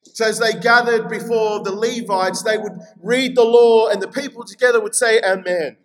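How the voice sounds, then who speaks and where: High-voiced Australian preacher. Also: male voice, moderate pace, rough recording. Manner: energetic, conversational preaching with scripture reading. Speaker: pastor. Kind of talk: sermon.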